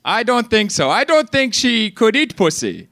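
A man playing Gandhi in a comedy roast, speaking high and bright in a shaky, mangled accent. He fires off brash, crude jokes and keeps giggling at his own material. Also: very animated, moderate pace, dry recording, studio quality, heavily acted. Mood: cocky. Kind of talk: stand-up roast set. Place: comedy stage.

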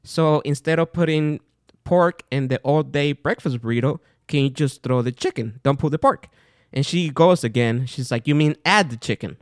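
A man hosting his own show, telling a casual, animated story full of fillers and retold dialogue, with non-native English phrasing. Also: on the high side, normal speed, no echo, clean studio sound. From outside the United States. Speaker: podcast host.

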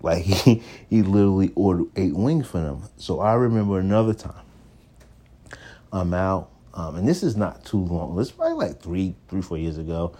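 Deep, mellow-voiced man telling a story. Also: moderate pace, husky. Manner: animated, acts out others' lines in shifting voices; laughs between lines. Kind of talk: casual anecdote telling.

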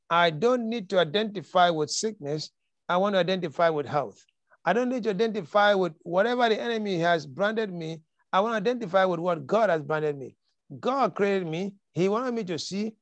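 A man's voice: high voice, no echo. A man preaching a sermon, emphatic and repeating his key lines, quoting scripture dramatically. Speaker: pastor.

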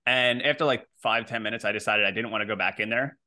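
A young man casually telling a funny story, animated and full of fillers and laughs. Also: lowish voice, fast. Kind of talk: casual chat.

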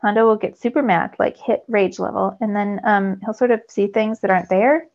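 A woman reading as a calm teen girl. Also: medium pitch, moderate pace, creaky, natural voice. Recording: slightly dull lo-fi recording.

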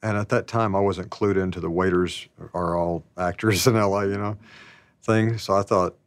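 A man in his sixties with a low voice, recounting stories from his life in a relaxed, rambling, self-deprecating way. He often drops "you know" asides. The sound is dry and close, with no room around it. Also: moderate pace, no echo. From American South. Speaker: actor telling his story. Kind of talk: reflective storytelling.

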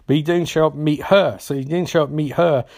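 A male podcast host recaps in a loose, comedic ramble, tripping over restarts and swearing freely. His voice sits a little higher than most men's. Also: fairly even intonation, fast, a little mellow.

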